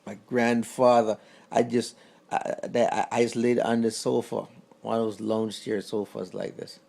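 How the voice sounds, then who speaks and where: A man telling a personal story about his grandfather straight to camera, in a casual, halting way that repeats words. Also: medium pitch, level tone, creaky, dark tone. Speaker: vlogger.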